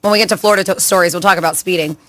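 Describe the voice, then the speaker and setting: Bright-voiced chatty radio host woman. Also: fairly low pitch, steady tone, racing, no room sound. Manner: chatty, laughs often while reading listener texts. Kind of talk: casual radio banter.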